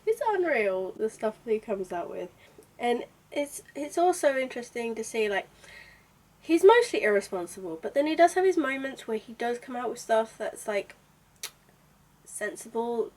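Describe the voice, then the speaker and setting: A young woman giving a casual book review, chatty and excitable with lots of asides. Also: a little high, moderate pace. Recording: voice a bit far from mic.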